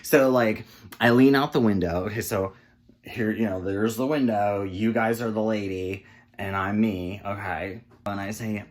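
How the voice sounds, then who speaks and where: Sassy, animated man telling a story. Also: lowish voice, unhurried. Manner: sassy, animated, calls listeners honey and girl. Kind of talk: casual storytelling to camera.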